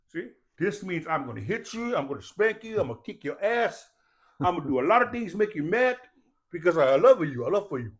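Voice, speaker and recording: A man's voice: high voice, expressive, a little fast. A man telling stories as a podcast guest in casual talk, profane and preachy, often stopping to ask if listeners understand. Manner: profane, preachy, keeps asking "you understand that?".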